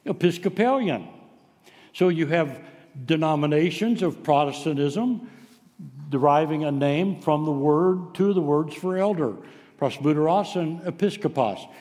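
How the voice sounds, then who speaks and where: A man's voice: a little high, a little slow, a little mellow, in a large hall. A man preaching a sermon, telling stories in a folksy way with frequent filler sounds. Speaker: pastor.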